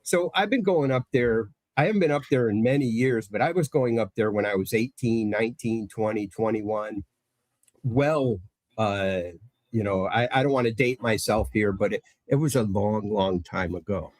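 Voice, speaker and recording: A man's voice: fairly low pitch, normal speed, darkish tone, no echo. A man from Connecticut, chatting casually on a podcast and telling stories with lots of fillers and restarts. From Connecticut, USA. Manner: rambling, storytelling with many fillers. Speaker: guest presenter.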